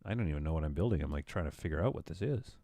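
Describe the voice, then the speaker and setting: A man's voice: extremely low pitch, expressive, very fast, vocal fry, dark tone, no echo. A man in his thirties chatting casually on a live stream as he builds, rambling in a stream-of-consciousness way.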